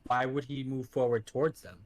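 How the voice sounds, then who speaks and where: A man's voice: mid-range voice, steady tone, fairly quick. A man playing a tabletop game who keeps asking to confirm the rules. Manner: checks rules with many questions. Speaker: player.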